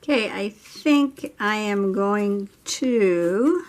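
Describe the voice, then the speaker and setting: A woman's voice: mid-range voice, drawn-out words, slight background noise. A woman vlogger chatting casually to herself and viewers as she works on a craft project at home. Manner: chatty, thinking aloud while working.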